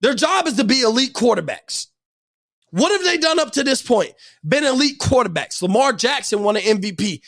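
A young man rants about sports in a heated, profane way, hammering his points. His voice sits very high and crackles with gravelly fry. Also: sing-song, normal speed, a bit bright. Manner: angry, profane, emphatic ranting. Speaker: sports commentator.

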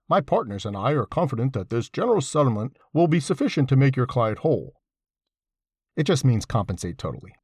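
A man reads a scripted essay in a husky voice that rises and falls with lively emphasis, tossing in wry, sardonic asides. The sound is dry and close, with no room around it. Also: medium pitch, dry recording. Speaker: essay reader.

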